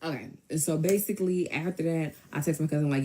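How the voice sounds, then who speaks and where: Low, mellow woman telling a story. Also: a little hiss or hum. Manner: animated, emphatic, quick to mimic others. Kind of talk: casual storytime.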